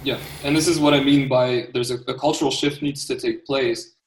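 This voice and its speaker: A man's voice: mid-range voice, fairly even intonation, fairly quick, far from the mic, a little hiss or hum. A diaspora Armenian man, a guest entrepreneur in an interview, talking with passion and emphasis and often repeating words. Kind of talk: casual interview talk. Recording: roomy, off-mic sound.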